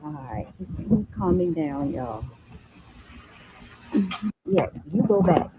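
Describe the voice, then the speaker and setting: Woman, livestream host, casual chat, baby talk to a dog, lively sing-song pitch, slow. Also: phone-quality sound, background noise. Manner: coos and baby-talks to a dog, chatty asides to viewers.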